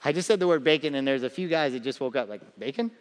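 Animated pastor preaching in a reverberant hall. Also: male voice, mid-range voice, rapid-fire, clear, resonant tone. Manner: animated storytelling with acted-out voices and humor. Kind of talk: sermon.

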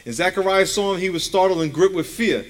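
A man's voice: sits high, fairly quick. A male pastor preaching a sermon, emphatic and conversational, leading the congregation in call-and-response and dropping folksy asides.

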